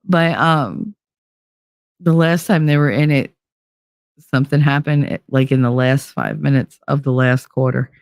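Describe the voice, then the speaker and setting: A woman's voice: a bass voice, unhurried, no echo, clean studio sound. A woman hosting a podcast, talking casually and candidly in a monologue with plenty of swearing. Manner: candid, animated, swears freely. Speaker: podcast host.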